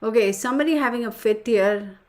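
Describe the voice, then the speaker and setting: A woman's voice: fairly high pitch, a little fast, darkish tone. Chatty woman hosting a live stream. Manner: reads comments aloud, laughs often, exclaims in surprise. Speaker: live stream host reading viewer chat. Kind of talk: casual live stream chat.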